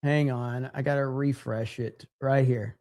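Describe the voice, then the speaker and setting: A man's voice: medium pitch, steady tone, a little slow, dark tone. A man hosting a live stream, chatting casually and with frequent swearing, reading viewer comments aloud. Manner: casual and profane, reads chat aloud. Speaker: livestream host. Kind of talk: casual live-stream chat reacting to clips.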